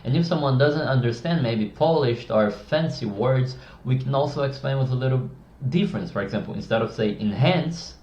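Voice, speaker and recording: Outspoken male creator, mid pitch, casual advice to camera, echoey dull-sounding room. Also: moderate pace, darkish tone. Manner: blunt, opinionated, with many restarts.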